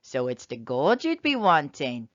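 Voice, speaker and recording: A woman voicing a tiny mischievous male leprechaun with a high, shrill, loud voice in a storybook reading. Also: wildly swooping pitch, measured pace, exaggerated voice. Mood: sly. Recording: slightly dull lo-fi sound.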